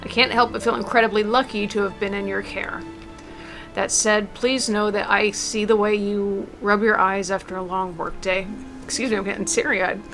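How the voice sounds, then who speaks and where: A woman reading aloud as an elderly mother, gentle and tender, with small stumbles. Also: medium pitch, fairly even intonation, moderate pace, faint music behind, natural voice. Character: elderly mother writing a farewell letter. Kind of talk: reading a game letter aloud.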